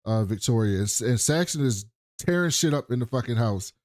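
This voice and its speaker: A man's voice: mid-range voice, fairly quick, no room sound. Profane man recapping a show, dry sound. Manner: profane, animated retelling of scenes. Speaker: podcast co-host. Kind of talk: casual TV recap chat.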